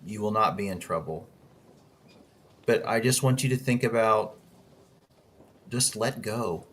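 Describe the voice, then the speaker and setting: A man in a tabletop game, speaking in character in a calm, encouraging way. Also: lowish voice, a little slow. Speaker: player. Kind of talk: in-character tabletop role-play.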